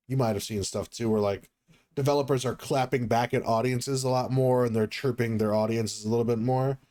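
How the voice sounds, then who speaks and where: A man's voice: medium pitch, a little mellow. A young man co-hosting a casual podcast, rambling and hesitant with many ums and restarts. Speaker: podcast co-host.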